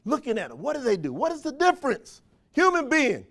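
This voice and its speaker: A man with a high, bright-sitting voice delivers a motivational speech in an event room. He talks in folksy, countrified phrasing and leans on call-and-response, firing question after question at his listeners. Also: wildly swooping pitch, fairly quick. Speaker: motivational speaker at a sales training.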